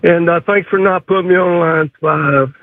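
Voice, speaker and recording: A man's voice: fairly high pitch, fairly even intonation, normal speed, no room sound. A man calling into a radio show with an irritated, sarcastic complaint. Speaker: caller. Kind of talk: call-in complaint. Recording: tinny phone line.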